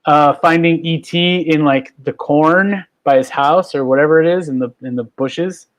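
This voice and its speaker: A man hosts a loose chat over a video call, his voice sitting a little high for a man. He rambles, doubles back and fills the gaps with ums and uhs. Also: moderate pace. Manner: rambling, many fillers and restarts. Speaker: talk show host.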